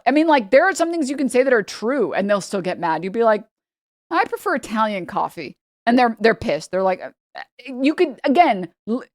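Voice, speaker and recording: A woman's voice: on the high side, no room sound, studio quality. Rambling, emphatic woman streamer. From New York. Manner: rambling, emphatic, repeats her points. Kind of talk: casual stream reaction commentary.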